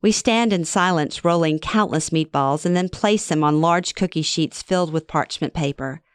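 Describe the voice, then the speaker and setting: A middle-aged woman narrates her own memoir in a wry, self-deprecating, conversational tone. Her voice sits a little low. The recording is dry and close with no room sound. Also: moderate pace, smooth, dry recording. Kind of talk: first-person story narration.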